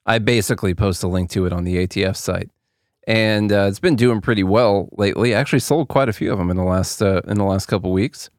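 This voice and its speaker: A man's voice: lowish voice, quick pace, a little mellow, no room sound, studio quality. A man co-hosting a podcast in casual, joking banter with his co-host. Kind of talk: casual political chat.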